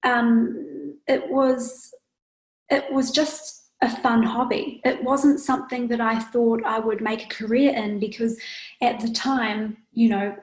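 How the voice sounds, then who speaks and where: Animated woman designer in an echoey room. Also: on the high side. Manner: animated storytelling, quick bursts. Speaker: fashion designer guest. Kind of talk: casual interview.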